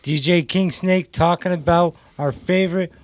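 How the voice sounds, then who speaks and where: A man speaking as a radio DJ in relaxed, casual chat. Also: high-pitched, moderate pace, dry recording.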